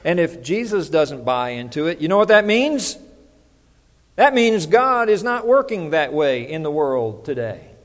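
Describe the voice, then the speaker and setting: A man's voice: on the high side, big pitch swings, a little slow, big-room sound. A middle-aged man preaching a conversational sermon as pastor, often putting questions to the congregation.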